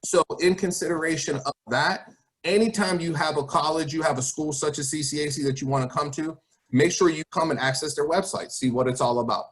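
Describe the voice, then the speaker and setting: A man's voice: a little high, fairly quick. A man speaking as a college guest to students over a video call, encouraging them and asking rhetorical questions. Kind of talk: online presentation to students.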